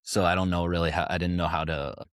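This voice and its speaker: A man's voice: low-pitched, little pitch movement, fast, fairly bright tone, no echo, studio quality. A man talking candidly as a podcast guest, a touring family musician rambling through stories with many restarts. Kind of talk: casual podcast conversation.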